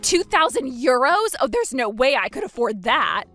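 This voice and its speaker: A groveling sister-in-law, pleading and whining in a high, shrill voice that keeps leaping upward, as a woman storyteller puts her on. She sounds self-pitying and desperate, like a storybook character begging for help. Soft music plays faintly behind her. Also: very animated, normal speed, heavily acted. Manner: pleading, whiny, pitch jumps high. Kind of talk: storybook narration.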